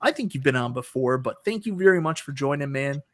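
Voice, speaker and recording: A man's voice: mid-range voice, expressive, fairly quick. A man hosting a casual live stream, giving blunt, opinionated takes and often repeating himself.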